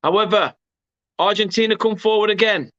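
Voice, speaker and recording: English male watchalong host, high tense voice, excitable play-by-play, correcting himself as he goes. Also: moderate pace, dry recording, dull audio. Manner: excitable, self-correcting, erupts at goals. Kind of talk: live match commentary.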